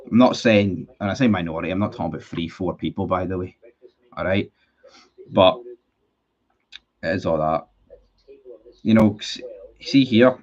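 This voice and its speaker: A man hosting a casual livestream, talking bluntly and rambling, swearing freely and restarting his sentences. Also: lowish voice. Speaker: livestream host. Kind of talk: casual livestream chat reading viewer comments. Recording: dull lo-fi stream audio.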